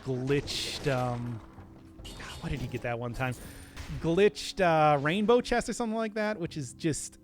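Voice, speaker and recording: A man's voice: on the high side, a little slow, faint music behind. A man from the US Midwest with a Midwestern accent, chatting casually with his viewers while streaming a game, rambling and chuckling often. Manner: rambling, animated, chuckles often, talks to chat.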